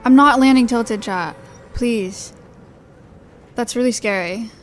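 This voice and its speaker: A woman's voice: a little high, slow, faint music behind. A young woman streaming a shooter game, chatting anxiously to her viewers and repeating herself as she plays. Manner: anxious, repetitive, talking to chat while playing. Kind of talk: live gaming commentary.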